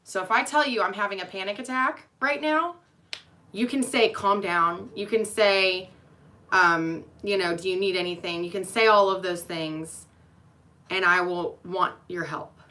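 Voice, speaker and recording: This young adult woman, a nurse, talks a little slowly in a mid-range voice with a sharp edge. Her vlog to loved ones is candid, emotional and meandering, filled with fillers.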